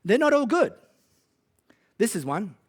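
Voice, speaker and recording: An Australian man preaching a sermon as a pastor, conversational and animated, with playful asides. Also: high-pitched, a little slow, slightly rough.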